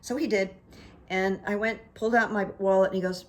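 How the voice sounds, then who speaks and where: A woman's voice: mid-range voice, steady tone, brisk. A woman hosting her own vlog, telling everyday anecdotes in a chatty, casual way and acting out what people said. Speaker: vlog host. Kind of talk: casual storytelling monologue.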